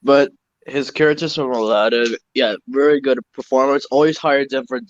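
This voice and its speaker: A man's voice: medium pitch, moderate pace, no room sound. Chatty young man, dull dry recording. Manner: relaxed, chatty, loose asides. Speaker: co-host. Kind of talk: casual podcast chat.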